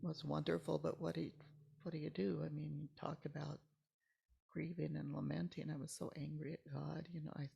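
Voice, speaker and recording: Older woman, gravelly and husky, halting emotional storyteller, slips into near-whispers. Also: sits low, level tone, dark tone. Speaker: church member guest. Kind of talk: personal storytelling interview.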